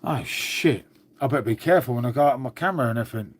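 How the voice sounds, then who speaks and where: A man's voice: mid-range voice, lively intonation, very fast, slightly rough. A man hosting a casual livestream, chatting to viewers and swearing freely as he talks to his dog. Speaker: livestream host. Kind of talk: casual live chat with viewers.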